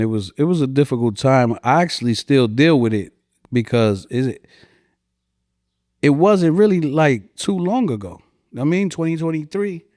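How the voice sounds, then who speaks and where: A hip-hop artist in his forties from New Jersey, with the accent to match, speaks as a guest on a podcast in a mellow voice, recorded clean in the studio with no echo. His talk is emotional, heartfelt, and rambling, and his voice climbs high when he recalls the past.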